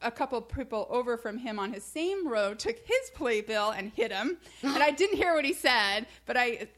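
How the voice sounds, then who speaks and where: With a fairly high-pitched voice and moderate pace, this woman co-hosts a podcast, chatting casually and telling an animated story punctuated by frequent laughs.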